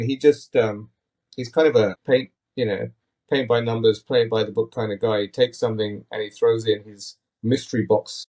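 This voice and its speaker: A man's voice: fairly low pitch, darkish tone. A man hosting a casual podcast, talking in an opinionated, rambling, critical way into a tablet mic. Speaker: podcast host.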